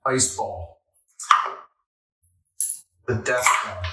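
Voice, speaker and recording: A man's voice: medium pitch, expressive, very slow, long pauses, pushed and bright, a little hiss or hum. A man hosting a casual vlog, chatting in a wry, jokey way while making a cocktail. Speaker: host.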